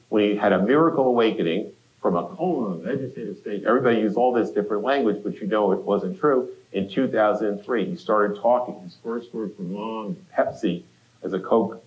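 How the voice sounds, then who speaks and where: A man with a fairly low voice gives a conversational university lecture in a lecture hall, addressing students directly and slipping in quips. The audio is dull, with the hall's echo audible.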